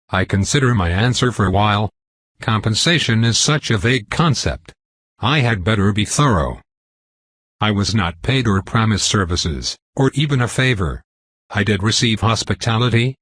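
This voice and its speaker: A man reading a first-person novel aloud in a measured, even way. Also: fairly low pitch, slightly rough, no echo. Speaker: audiobook reader.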